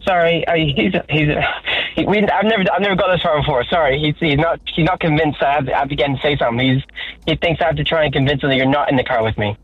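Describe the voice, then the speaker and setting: A man's voice: on the high side, quick pace, husky, no echo, dull audio. A man calling in to a radio show, flustered and stammering as he pleads. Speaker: caller.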